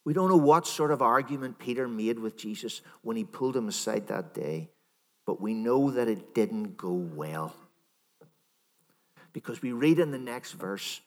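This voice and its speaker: A minister giving a sermon in a conversational, storytelling manner, voicing imagined dialogue. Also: male voice, lowish voice, fairly bright tone, long reverb tail.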